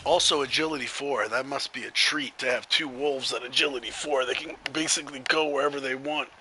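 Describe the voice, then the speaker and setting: A man's voice: medium pitch, steady tone, brisk, pushed and bright, slight background noise, poor audio. A man commentating a video game match in a chatty way, laughing easily.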